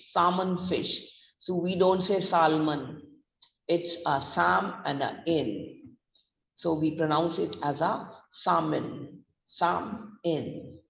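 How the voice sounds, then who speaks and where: A man with a Gujarati accent teaches pronunciation, spelling each word letter by letter and saying it over and over. His voice is slightly high and gravelly, and he speaks very slowly. He sounds far from the mic in an echoey room, on a dull lo-fi recording. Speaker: pronunciation trainer. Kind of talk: online pronunciation lesson.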